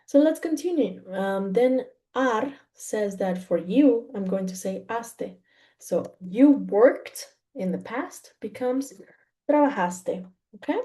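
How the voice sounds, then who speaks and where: Woman from Mexico, language teacher; mellow tone, unhurried, patient explaining. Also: fairly high pitch, expressive. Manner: patient, repeats "okay?" after each point, slow and careful. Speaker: Spanish teacher. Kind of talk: explaining grammar to learners.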